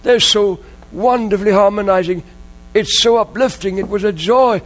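A man's voice: high-pitched, normal speed. A man preaching a sermon, telling a story in an emotional way and repeating key phrases. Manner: emotional, repetitive, dwells on phrases.

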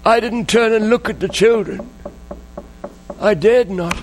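A man with a high-pitched voice speaks a little slowly while preaching a sermon. He tells a story emotionally, repeating and dwelling on key phrases.

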